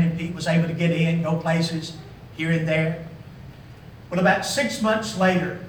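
A middle-aged man preaching a sermon with emphatic bursts that rise high, heard from a distance in a large church hall. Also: slight background noise.

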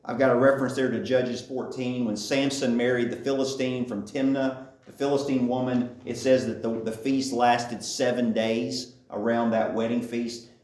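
A man's voice: mid-range voice, flat delivery, moderate pace, few pauses, darkish tone. A man giving a conversational Bible teaching, often checking in with his listeners. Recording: echoey room.

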